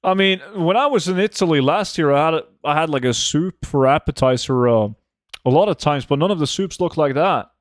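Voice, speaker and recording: A man chats live with his viewers while he plays, trading jokes and swearing freely, sometimes humming idly to himself. His voice sits a touch high, and the sound is close and dry, with no room around it. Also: expressive, a little fast, no echo. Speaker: gold-farming game streamer. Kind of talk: casual live-stream chat with viewers. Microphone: desk microphone.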